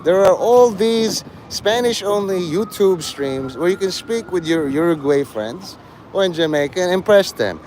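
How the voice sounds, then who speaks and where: During a rambling livestream, a sarcastic man teases a viewer with mocking, crude banter. His voice sits a little high and swoops in a lively way at a measured pace, while faint traffic hums behind him.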